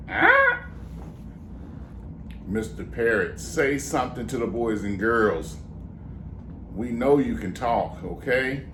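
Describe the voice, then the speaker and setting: A man's voice: mid-range voice, echoey room, slight background noise. A man performing as a ventriloquist for children, coaxing and mock-exasperated with his parrot puppet. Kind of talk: children's comedy act.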